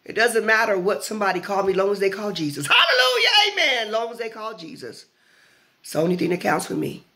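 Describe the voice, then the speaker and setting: A woman evangelist preaching fervently to an online audience, repeating phrases and shouting at the peaks. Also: medium pitch, fast, heavy background noise.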